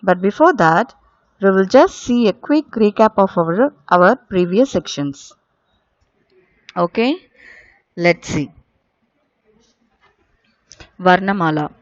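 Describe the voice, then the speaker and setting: A woman's voice: mid-range voice, no echo. A woman teaching young children in a video lesson, patiently repeating each word and asking the class questions. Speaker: primary school teacher. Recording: dull lo-fi recording.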